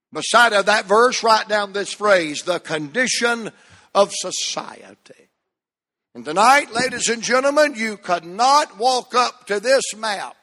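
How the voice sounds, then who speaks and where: A man preaching a sermon as pastor, fervent, swinging from shouts to hushed drops and leading the congregation in reading aloud. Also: very high-pitched. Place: large church hall. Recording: long church-hall reverb.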